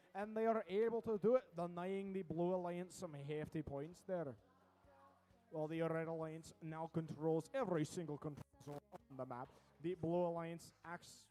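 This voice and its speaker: A man giving lively, quick play-by-play commentary at a robotics competition, with joking asides between matches. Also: high-pitched. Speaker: event commentator.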